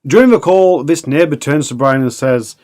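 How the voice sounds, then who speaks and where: A man's voice: a little high, lively intonation, moderate pace, a little mellow. A man narrating a true crime documentary in a plain, conversational way with casual asides.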